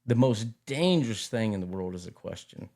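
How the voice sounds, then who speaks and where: Animated middle-aged man telling stories. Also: on the low side, brisk. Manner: animated storytelling, repeats words and phrases. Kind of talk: casual chat.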